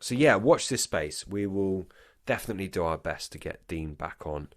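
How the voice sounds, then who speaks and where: Deep-voiced drunk man rambling. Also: lively intonation, normal speed, dry recording, studio quality. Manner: rambling, sweary, goes off on tangents. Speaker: podcast co-host. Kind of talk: casual chat.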